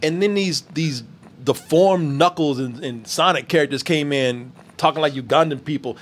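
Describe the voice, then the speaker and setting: A man's voice: a little high, moderate pace. A man hosting a casual pop-culture chat show, laid-back and joking, swearing freely. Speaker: show host.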